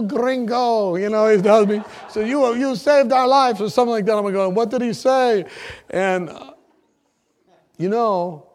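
A man preaching, telling his testimony as a lively story, often laughing and acting out the people in it. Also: high voice. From United States. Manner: animated storyteller, often laughing, acts out shouts.

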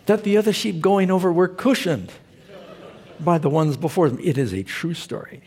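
A man's voice: on the high side, moderate pace, darkish tone, husky. A man preaching a sermon, telling stories with humor and putting rhetorical questions to his congregation. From Southern California. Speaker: pastor.

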